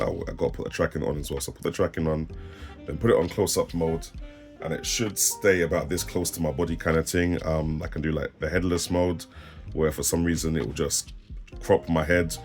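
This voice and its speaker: With soft music underneath, a young tech reviewer with a South East London accent jokes and laughs through a slang-filled webcam demo to camera. His voice is very deep and darkish, and he talks a little fast.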